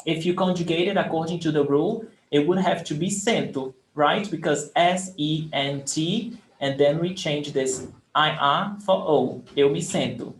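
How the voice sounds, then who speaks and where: Speaking at a normal pace in a slightly high voice, a man teaches Portuguese verbs during a live online class. He explains patiently and goes over examples more than once. There's echo in the room and some faint background noise.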